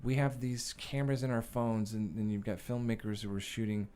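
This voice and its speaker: A man, an actor and filmmaker, talking as a podcast guest and telling his stories in a casual, animated way. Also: on the low side, a little fast, clear, resonant tone. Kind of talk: casual interview storytelling. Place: podcast studio.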